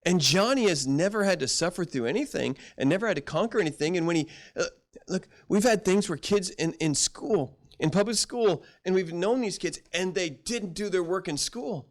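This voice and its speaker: A man's voice: sits high, lively intonation, moderate pace. A middle-aged male pastor preaching a sermon in a folksy storytelling way, acting out quoted voices.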